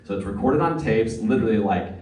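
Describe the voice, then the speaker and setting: On a fan convention panel, a voice actor tells earnest, nostalgic stories in a rather low, slightly mellow voice, talking quickly and expressively with many fillers. The sound is distant and echoey, with slight background noise.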